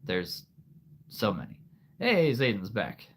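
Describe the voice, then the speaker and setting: A man's voice: on the low side, huge pitch swings, slow pace, husky. A man hosting a casual livestream, rambling to his viewers with many fillers and frequent laughs. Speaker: livestream host.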